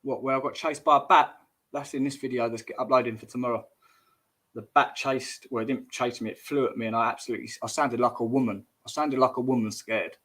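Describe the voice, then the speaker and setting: A man chats casually through a livestream, reading viewer comments and laughing them off. His voice sits at a middling pitch and he keeps it matey and informal. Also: fairly even intonation, fast, fairly bright tone. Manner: chatty and jokey, says mate, laughs at chat comments. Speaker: YouTube livestream host. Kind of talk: casual live-stream chat.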